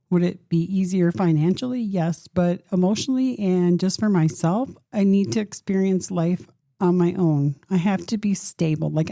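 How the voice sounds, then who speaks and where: A woman in her fifties hosts a solo podcast in a low, gravelly, mellow voice, recorded dry and close. She talks in an earnest, open way, thinking aloud and encouraging her listeners straight to them. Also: no echo. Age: 50s. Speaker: podcast host. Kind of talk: reflective solo podcast talk.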